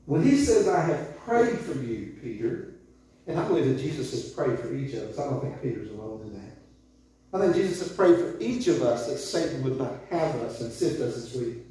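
A man in his sixties preaching an informal sermon in a conversational, animated way, chuckling often. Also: a little high. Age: 60s. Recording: echoey room from far off.

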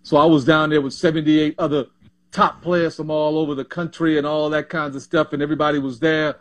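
A man in his sixties tells his stories in a fairly high voice. He is animated and quick to repeat and restart his words as the memories spill out. He speaks as a guest in a relaxed interview. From Panama. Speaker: former pro basketball player, guest. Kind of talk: casual interview storytelling.

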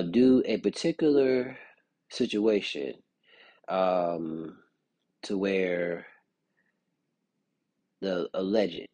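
Man, podcast host, casual rambling commentary, slow delivery, dry close mic. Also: low voice, darkish tone, slightly rough, no echo. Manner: rambling, with many fillers and restarts.

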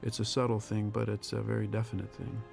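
A man, a film director, giving a reflective audio commentary, thinking aloud with pauses and restarts. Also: fairly low pitch, completely flat delivery, gravelly, over music.

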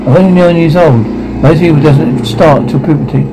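A man's voice: on the high side, normal speed, background noise, close to an everyday voice. A man voicing a prim, pedantic nine-year-old boy genius who speaks precisely. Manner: fussy, pedantic.

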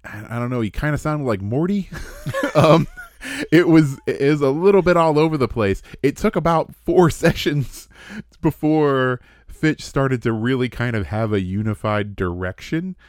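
A man's voice: medium pitch, unhurried, dry recording, clean studio sound. A man co-hosting a tabletop gaming podcast, chatting casually and poking fun at himself with laughs. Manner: animated, self-mocking, laughing. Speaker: podcast co-host. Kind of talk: casual chat.

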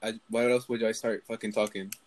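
A young man hosting a casual podcast chat, loud and profane, laughing through his banter. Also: on the low side, little pitch movement, a little fast, poor audio. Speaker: podcast host.

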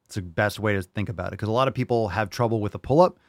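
Brash, jokey man with a low voice. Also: racing, dry recording, clean studio sound. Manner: brash, jokey, swears freely, bursts of loud enthusiasm. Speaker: podcast host answering listener questions. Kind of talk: casual fitness podcast chat.

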